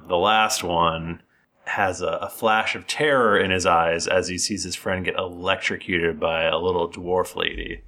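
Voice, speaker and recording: Deep gravelly game master, slow. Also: male voice, fairly even intonation, sharp tone. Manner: playful, teasing narration. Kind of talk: narrating a tabletop game.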